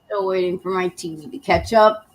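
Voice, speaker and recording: A woman with a husky, slightly breathy voice, chatting casually while she reacts to messages. Her remarks come out blunt and matter-of-fact. Her pitch sits in an ordinary middle range. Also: moderate pace, rough recording. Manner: reads letters aloud, then comments bluntly. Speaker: co-host reviewing emails.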